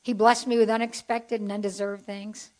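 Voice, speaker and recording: A woman's voice: mid-range voice, little pitch movement, moderate pace, a little mellow, rough recording. A woman giving a chatty, heartfelt testimony as a Bible teacher to a group. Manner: folksy, chatty and heartfelt, with asides to the audience.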